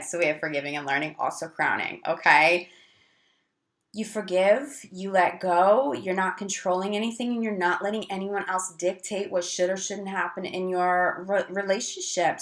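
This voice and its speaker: A woman's voice: fairly low pitch, a bit bright. A woman giving a casual tarot reading to camera, chatty and full of fillers, who often acts out the lines of the people she talks about. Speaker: tarot reader.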